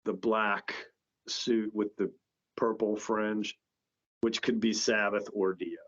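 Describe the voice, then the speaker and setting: This podcast guest, a company founder, speaks slowly in a low, level voice. His casual storytelling rambles, stopping and restarting many times, in a dull lo-fi recording.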